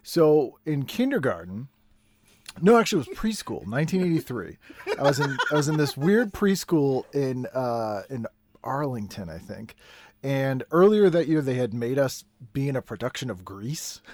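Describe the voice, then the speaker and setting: Animated man, wry comic guest. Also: medium pitch, normal speed, dry recording. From Boston area, US. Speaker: comedian guest. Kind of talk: casual chat.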